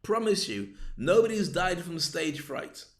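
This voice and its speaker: A man's voice: a little high, measured pace. An older man coaching on speaking, playful and jokey, acting out little scenes with many asides. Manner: animated, acts out little scenes. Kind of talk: livestream talk.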